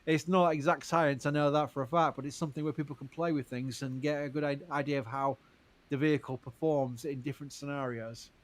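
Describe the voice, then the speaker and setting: A man hosts a casual live-stream Q&A, reading viewer questions aloud. His voice sits somewhat high. He answers with care, stresses what he doesn't know, and breaks into short laughs between points. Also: fairly even intonation, brisk.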